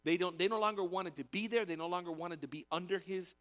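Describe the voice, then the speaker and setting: Man, pastor, sermon, slightly high pitch, conversational, repeats phrases for emphasis. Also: fast, fairly bright tone. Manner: conversational preaching with emphatic repetition.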